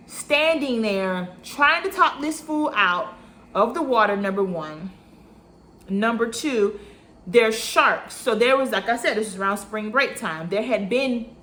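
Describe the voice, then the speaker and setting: A woman's voice: a little high, a little hiss or hum. Chatty woman telling a storytime tale. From Florida. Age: 30s. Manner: animated, acts out dialogue in quick bursts. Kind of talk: casual storytime vlog.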